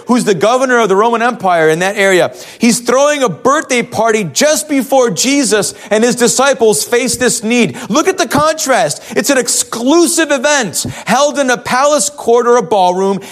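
A male pastor giving a conversational sermon in a church, full of rhetorical questions. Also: high-pitched.

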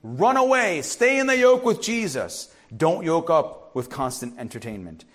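A middle-aged man preaching a sermon as pastor, urging loudly one moment and dropping to quiet asides the next. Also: fairly high pitch, unhurried. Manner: animated, swings from loud urging to quiet asides.

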